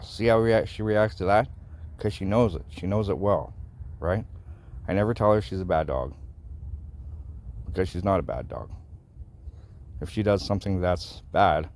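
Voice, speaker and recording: A man's voice: sits low, a little mellow, a little hiss or hum. A man explaining dog training in a casual, folksy way, often checking in with "right?". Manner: folksy, repeats himself, asks "right?". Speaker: dog owner teaching training. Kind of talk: casual instructional vlog.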